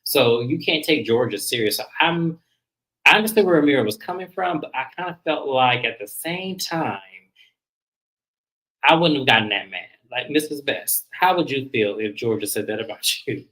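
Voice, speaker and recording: Man, bright forceful voice, casual reality show recap, animated, swears a lot. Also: medium pitch, moderate pace, rough recording. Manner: animated, profane, laughs, acts out cast lines. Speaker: podcast co-host.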